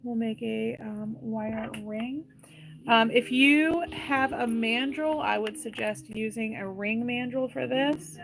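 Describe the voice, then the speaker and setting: A woman's voice: fairly high pitch, steady tone, takes it slowly, gravelly, faint music behind, low-quality recording. A woman leading a live craft tutorial, talking through each step unhurriedly and chatting with viewers' comments as she works. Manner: chatty, reads and answers live viewer comments between steps. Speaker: jewelry maker demonstrating wire wrapping.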